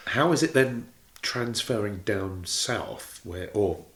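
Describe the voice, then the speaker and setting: A man hosting a podcast, asking measured interview questions. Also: lowish voice, expressive, roomy sound.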